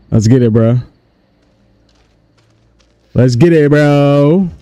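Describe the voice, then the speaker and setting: A man giving casual, animated let's-play commentary on a horror game, chatting to his viewers in slang. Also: fairly high pitch, very slow, no room sound. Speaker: gaming YouTuber.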